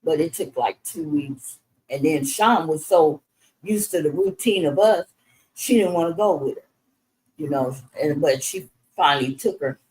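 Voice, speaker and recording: A woman's voice: sits low, measured pace, darkish tone, low-quality recording. A middle-aged woman telling her son her life story, frank and conversational, with frequent restarts. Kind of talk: candid personal storytelling in conversation.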